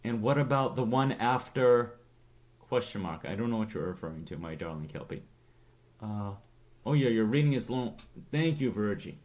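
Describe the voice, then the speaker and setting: A man's voice: medium pitch, lively intonation, normal speed, darkish tone. A man with a New England accent chatting casually to his stream viewers, rambling and joking at his own expense. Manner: rambling, joking, self-deprecating. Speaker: streamer host.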